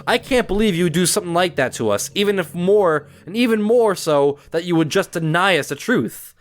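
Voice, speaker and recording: A man's voice: sits high, animated, brisk. A man reading aloud as a furious young woman, accusing and harsh. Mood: angry. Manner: angry, accusing. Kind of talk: reading a visual novel aloud.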